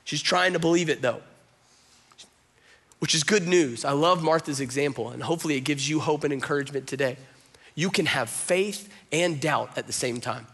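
A man's voice: on the high side, normal speed, fairly bright tone, breathy edge. A man preaching a sermon, talking conversationally and with strong emphasis, often acting out quotes. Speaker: pastor.

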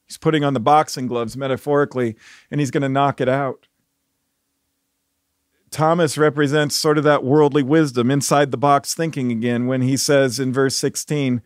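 A man's voice: medium pitch, no room sound, clean studio sound. A man preaching a sermon in a conversational, emphatic way, asking rhetorical questions.

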